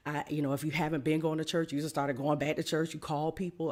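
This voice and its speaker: A woman hosting a podcast, retelling a Bible story in a casual, animated way and pleading with her listeners to hold on. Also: low-pitched, quick pace, few pauses. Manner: animated storyteller, acts out quotes; pleading, encouraging. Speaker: podcast host. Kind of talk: conversational Bible teaching.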